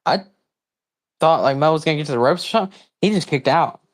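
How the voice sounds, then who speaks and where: Talking quickly in a somewhat high voice, this livestream host rambles casually over a wrestling broadcast. He erupts in excitement at times and reacts with confusion at others.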